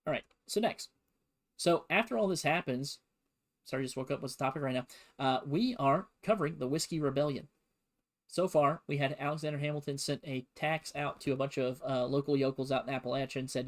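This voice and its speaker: A man's voice: mid-range voice, fairly quick. A man giving a casual streamed history lesson, talking in a conversational, digressive way.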